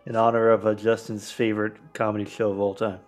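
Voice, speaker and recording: A man's voice: on the low side, level tone, quick pace, faint music behind. A man making crude jokes and asides while watching a movie with friends. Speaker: movie riff co-host. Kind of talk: casual riffing over a movie.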